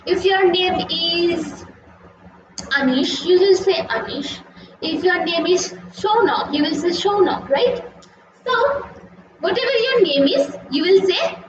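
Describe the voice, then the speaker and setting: A young woman teaching a live conversation class. She talks patiently, repeating herself and checking in with "okay?" and "right?". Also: sits high. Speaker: English teacher. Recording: echoey, distant and muffled.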